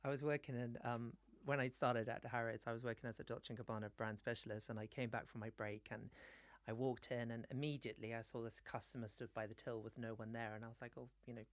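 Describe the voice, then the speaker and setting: A man tells a story as a podcast guest, animated and laughing mid-sentence. His voice sits in a middle register. The sound is close and dry, with no room behind it. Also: mid-range voice, quick pace, dry recording. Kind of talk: casual chat, anecdote. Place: studio.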